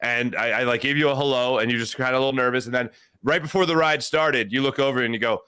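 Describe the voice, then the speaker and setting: A man hosting a casual sports talk show, animated and jokey, rambling with restarts. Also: mid-range voice, quick pace, clean tone, no echo.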